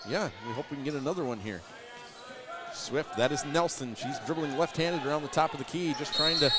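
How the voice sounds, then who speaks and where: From the stands of a high school gym, a man calls live play-by-play of a basketball game, fairly quickly, rattling off plays and shouting at the big moments. A crowd can be heard behind him.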